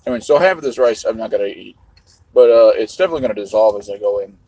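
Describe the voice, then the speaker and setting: A man's voice: lowish voice, expressive, rapid-fire, warm tone, no echo, low-quality recording. A middle-aged man vlogging in a casual livestream monologue, rambling and musing with a half-joking tone.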